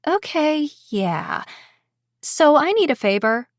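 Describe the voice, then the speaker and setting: A woman's voice: medium pitch, big pitch swings, unhurried, no room sound, clean studio sound. A woman voicing a determined young heroine keeping a strained polite tone on a call, in an audiobook. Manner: forced politeness.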